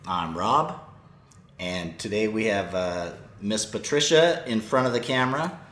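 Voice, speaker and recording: A man's voice: lowish voice, lively intonation, measured pace, a bit bright. A man co-hosting a casual toy podcast, upbeat and enthusiastic, asking questions of the others. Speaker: podcast co-host. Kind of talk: casual chat. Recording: echoey room, faint hiss.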